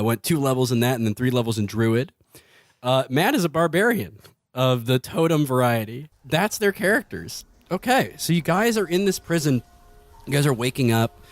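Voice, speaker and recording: A man's voice: mid-range voice, no echo, clean studio sound. A man running a tabletop game as game master, narrating loosely with frequent fillers. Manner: loose, filler-heavy, laughing often.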